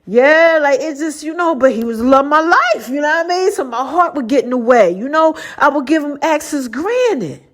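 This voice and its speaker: Animated slangy woman podcaster. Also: sits high, normal speed, hardly any pauses. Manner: animated, slangy, acts out quoted voices; laughs often while talking. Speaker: podcast host. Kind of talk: casual faith testimony storytelling.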